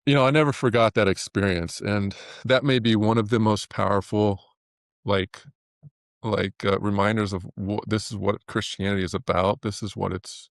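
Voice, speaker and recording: Male interview guest, gravelly low voice, sincere and halting delivery. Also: steady tone, dry recording, clean studio sound. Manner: earnest, halting with many restarts. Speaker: guest, animator. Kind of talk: reflective interview talk.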